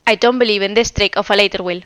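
A woman's voice: mid-range voice, steady tone, quick pace, a bit bright, clear, resonant tone, dry recording, close to an everyday voice. A woman doing a cold, hot-tempered man. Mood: accusing. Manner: cold, cutting.

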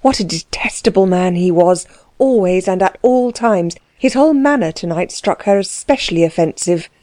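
A woman narrates a classic novel in a measured, even manner. Her voice is mellow and unhurried, recorded close and dry with no room sound. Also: lowish voice, no echo. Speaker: audiobook narrator. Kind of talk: scripted narration.

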